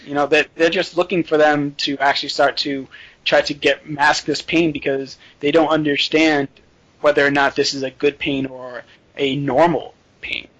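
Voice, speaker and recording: A man's voice: a little high, little pitch movement, normal speed, fairly bright tone, poor audio. A man co-hosting a casual podcast, giving short agreements and then explaining a point.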